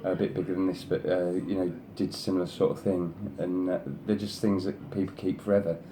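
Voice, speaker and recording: Deep voiced guy showing off craft samples, pretty monotone, lots of "you know", faint hiss behind. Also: brisk. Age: adult, sister past thirty. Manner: effusive, rambling with many "you know"s; coaxes his pet in a higher voice. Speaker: craft channel host showing design samples. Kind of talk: casual show-and-tell.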